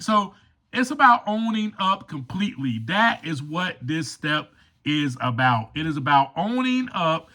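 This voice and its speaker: A man hosting a recovery podcast, talking in an emphatic, preachy monologue and acting out quoted voices. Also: high-pitched. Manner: animated, acts out quoted voices. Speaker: podcast host.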